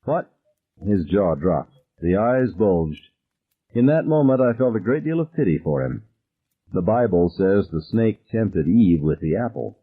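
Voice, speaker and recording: Male narrator, audiobook, husky, animated delivery, tinny phone-like audio. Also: deep voice, measured pace. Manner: dramatic and expressive.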